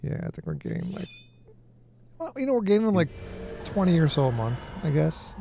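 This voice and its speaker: A man's voice: high voice, big pitch swings, a little fast, vocal fry, mellow. A man casually chatting and calling out moves while streaming a game, laughing often. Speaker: streamer playing an online game. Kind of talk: casual gameplay chat. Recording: noisy game stream audio.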